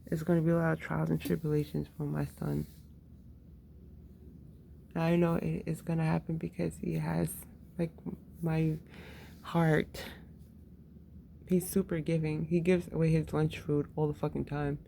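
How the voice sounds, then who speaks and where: A woman's voice: deep voice, little pitch movement, unhurried, creaky, pauses often, warm tone, a little hiss or hum. A woman and mother talking candidly in a casual personal monologue, swearing freely and laughing often.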